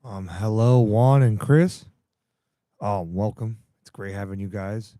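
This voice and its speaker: A man co-hosting a podcast, welcoming guests and asking questions with many pauses. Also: fairly low pitch, steady tone, dark tone, dry recording, clean studio sound. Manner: hesitant, many ums. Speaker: podcast co-host.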